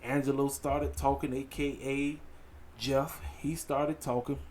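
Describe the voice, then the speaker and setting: A man giving a casual, animated solo review of a wrestling show, talking straight to his viewers. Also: medium pitch, slow, a little hiss or hum. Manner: animated, conversational, addresses viewers as ladies and gentlemen.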